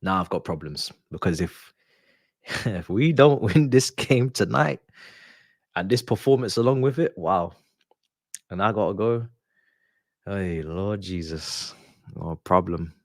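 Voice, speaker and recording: A man's voice: deep voice, lively intonation, slow pace, long pauses, no echo, studio quality. A man hosting a live football watch-along, ranting in frustration and dropping into muttered asides. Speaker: live stream host.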